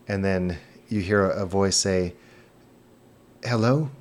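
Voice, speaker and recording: A man narrating a tabletop role-playing game as game master, in a relaxed, descriptive way with occasional fillers. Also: deep voice, slight background noise.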